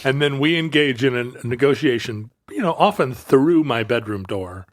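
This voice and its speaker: A man co-hosting a podcast, bantering in an animated, wry way. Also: medium pitch, moderate pace, few pauses, dry recording, studio quality. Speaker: podcast co-host. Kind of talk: casual chat.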